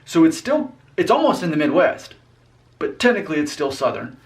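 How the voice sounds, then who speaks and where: A man's voice: fairly high pitch, big pitch swings, fairly quick. A young man from Alabama chatting casually as a vlog host, explaining things in an easygoing, rambling and teasing way. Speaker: vlogger host. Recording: voice a little off-mic.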